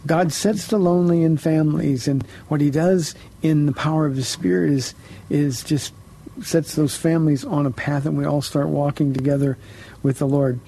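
A man's voice: fairly high pitch, fairly even intonation, normal speed, vocal fry, warm tone, a little hiss or hum. A man hosting a call-in Christian radio show as pastor, thanking callers and questioning young guests.

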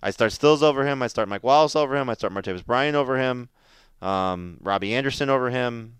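A man's voice: mid-range voice, a little fast, clear, resonant tone, no echo, clean studio sound. A man co-hosting a fantasy football radio show, talking casually with many fillers and restarts. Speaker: fantasy football analyst co-host. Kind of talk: casual sports radio talk.

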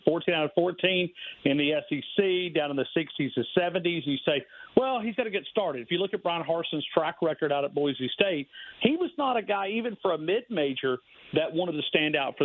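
Guy on a tinny phone line, kinda high voice, rambly, keeps restarting. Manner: rambling, emphatic, many restarts. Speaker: radio host guest. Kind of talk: sports radio phone interview.

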